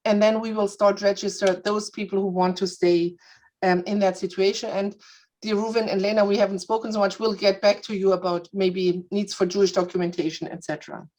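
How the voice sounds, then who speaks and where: A woman's voice: mid-range voice, little pitch movement, brisk, darkish tone, rough recording. Earnest woman giving a community update. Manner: earnest, with frequent restarts and fillers. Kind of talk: spoken update in a meeting. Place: Berlin, Germany.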